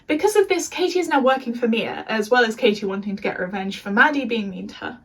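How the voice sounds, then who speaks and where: A woman's voice: fairly high pitch, expressive, fast talker, a bit bright, breathy edge, recorded from a distance, poor audio. A young English woman recapping a TV show in a casual, chatty rant with sarcastic asides. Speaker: video essayist.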